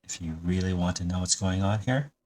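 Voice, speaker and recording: A man's voice: low voice, a little fast, darkish tone, close to an everyday voice. A man voicing a worried young village boy who stammers and pleads. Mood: hushed.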